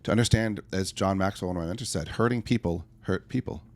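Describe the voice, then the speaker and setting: A man's voice: sits low, fast talker, darkish tone. A middle-aged man talking earnestly as a podcast guest, telling stories with acted-out asides. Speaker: podcast guest, life coach. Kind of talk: conversational interview answer.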